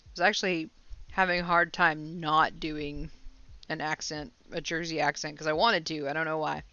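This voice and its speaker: A woman's voice: low voice, level tone, normal speed, bright, forceful tone, clear, resonant tone, no room sound, lo-fi sound. A woman hosting a casual crochet livestream, chatting with viewers and laughing often. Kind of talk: casual live chat with viewers.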